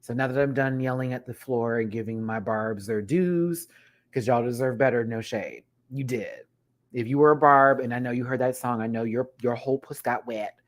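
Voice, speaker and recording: A man giving a casual, profane rant review as a vlogger. He swings from low muttering to loud exclamations and scats beats aloud. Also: normal speed.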